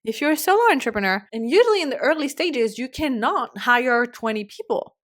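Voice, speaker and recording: A woman hosting a solo podcast, talking passionately and swinging from fired up to soft and calm, swearing casually. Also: a little high, fairly quick. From French-speaking. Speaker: podcast host.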